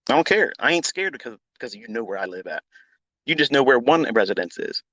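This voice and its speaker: A middle-aged man rants at his listeners in a blunt, profane, unscripted way, repeating his points and flaring into loud outbursts. His voice sits at an ordinary male pitch, and the sound is dry and close with no room echo. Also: very animated, fairly quick, highs cut off. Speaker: trading educator hosting a live audio chat.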